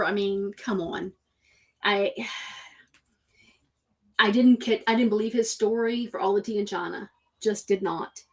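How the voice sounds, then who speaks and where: A woman hosting a show, talking casually and emphatically, often repeating herself for effect. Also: mid-range voice. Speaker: host. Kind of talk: casual opinion talk.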